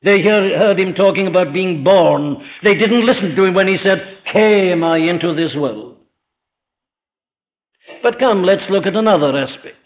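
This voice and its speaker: A man preaching a sermon with emphatic delivery, firing rhetorical questions and slowing right down on key phrases. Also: high-pitched. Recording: dull lo-fi recording.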